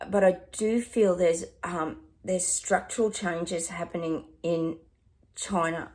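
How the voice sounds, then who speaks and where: A woman's voice: on the low side, steady tone, slow pace, a little mellow. An Australian woman, middle-aged, chatting through psychic predictions in a rambling way with lots of ums and asides. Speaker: psychic medium. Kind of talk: casual livestream predictions.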